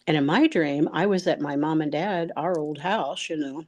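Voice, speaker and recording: A middle-aged woman telling a personal story out loud, rambling and halting, with many fillers and restarts. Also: deep voice.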